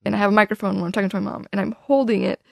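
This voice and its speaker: Fast-talking woman with a gravelly edge. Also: mid-range voice, no room sound, studio quality. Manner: rapid, animated, full of "like" and restarts. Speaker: podcast guest. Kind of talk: casual storytelling chat.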